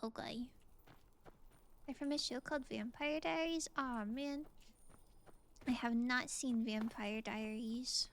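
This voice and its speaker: A woman's voice: on the high side, slow, long pauses, slight background noise. A woman streamer chatting casually while playing a game, musing aloud and answering her chat.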